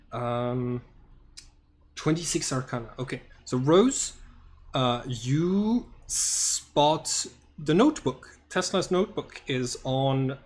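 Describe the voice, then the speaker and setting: A man running a tabletop game as game master, hesitant and full of filler sounds, on a headset. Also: mid-range voice. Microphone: headphones with microphone.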